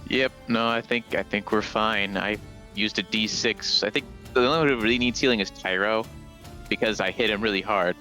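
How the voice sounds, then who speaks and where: A man's voice: fairly low pitch, fairly even intonation, moderate pace, pushed and bright, soft background music. A man playing in a tabletop game, chatting casually in a matter-of-fact way. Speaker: player.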